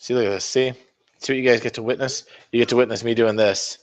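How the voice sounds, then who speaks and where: A man's voice: medium pitch, steady tone, fast talker. A man hosting a casual miniature-painting livestream, rambling and swearing in a self-mocking way as he talks to viewers. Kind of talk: casual live-stream chat while painting.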